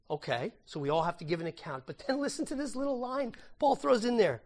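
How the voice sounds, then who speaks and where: A man preaching a sermon, animated and conversational, reading scripture aloud and swinging between loud emphasis and hushed asides, with repeated words and self-corrections. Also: high voice, quick pace, hardly any pauses. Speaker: pastor.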